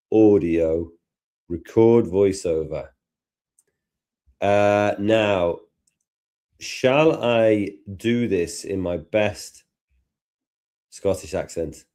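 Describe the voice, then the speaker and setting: A man with a Liverpool accent presenting a live tutorial in a relaxed, self-deprecating way. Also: deep voice. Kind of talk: casual live tutorial chat.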